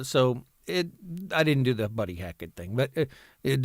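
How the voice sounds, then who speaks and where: A voice-over artist in his fifties talks casually about his work, wandering through his thoughts with plenty of fillers and restarts. His voice sits at an ordinary middle pitch for a man. The recording is close and dry, as in a home studio. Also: sing-song, normal speed, no room sound. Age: 50s. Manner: rambling, with many fillers and restarts. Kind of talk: casual vlog talk.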